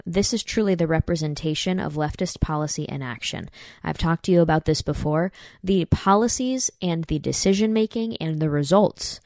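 A woman's voice: deep voice, darkish tone, no echo, clean studio sound. A woman hosting a podcast, giving emphatic political commentary and addressing listeners directly as "you guys". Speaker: podcast host.

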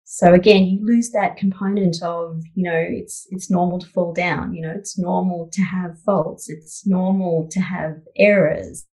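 A woman's voice: lowish voice, steady tone, unhurried, hardly any pauses, mellow, rough recording. A woman psychologist answering interview questions in a thoughtful, conversational way, with many "you know" fillers. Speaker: psychologist guest.

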